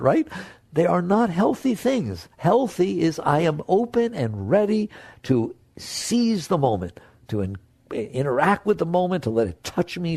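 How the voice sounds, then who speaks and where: A man giving a spiritual talk to an audience, direct and coaxing. He jumps between playful high voices and soft low asides. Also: creaky, husky, dry recording. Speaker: spiritual teacher.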